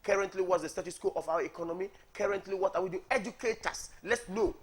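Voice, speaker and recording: Man, higher voice, husky, emphatic political guest, TV studio. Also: fast talker. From Ghana. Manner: emphatic, repeats words, asks "are you getting me". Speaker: party coordinator, studio guest. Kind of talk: heated political debate on morning TV.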